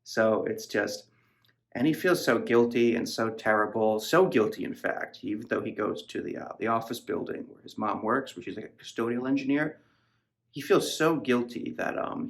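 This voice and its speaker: This man has a medium-pitched voice with vocal fry. He hosts a podcast and rambles casually about a novel he's reviewing, swearing and leaning heavily on fillers in a relaxed book discussion.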